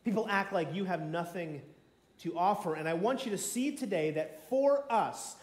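Dramatic high-voiced male preacher. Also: moderate pace. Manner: dramatic storytelling, acts out voices, swings from shouts to near whispers. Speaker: pastor. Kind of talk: sermon. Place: church sanctuary. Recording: echoey church room.

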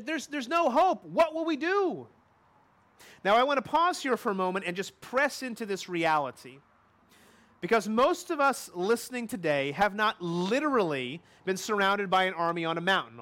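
A man's voice: high-pitched, pushed and bright. A man preaching a sermon in a conversational way, often putting questions to his listeners.

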